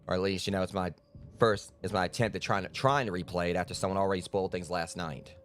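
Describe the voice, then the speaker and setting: A man's voice: low-pitched, fairly even intonation, fast, fairly bright tone, faint music behind. A man giving rambling, self-deprecating let's-play commentary as a game streamer, full of fillers and restarts.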